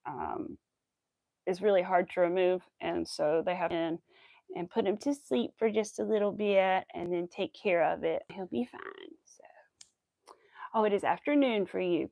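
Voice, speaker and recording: A young woman crocheting on a livestream from home with a clip-on mic, chatting with viewers and softly counting her stitches. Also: medium pitch, vocal fry, no room sound. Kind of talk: casual chat while crocheting on stream.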